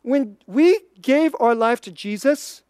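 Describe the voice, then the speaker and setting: A preacher giving an informal, conversational sermon, chatty and full of "like", swinging between quick bursts and slow, quiet emphasis. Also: medium pitch, lively intonation, smooth, dry recording, clean studio sound.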